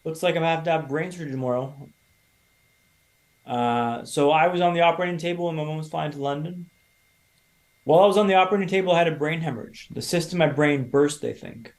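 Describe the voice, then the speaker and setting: A man in his thirties from Canada, a podcast guest telling his own story in a lively, casual way and acting out other people's lines. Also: fairly high pitch, quick pace. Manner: animated storyteller, acts out quoted voices.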